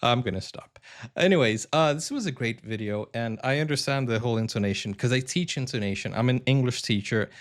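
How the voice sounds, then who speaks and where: A man's voice: mid-range voice, a little fast. A man who is an English teacher and a native Portuguese speaker, chatting casually and hesitantly as a reaction video host. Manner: chatty, hesitant, many ums and self-corrections.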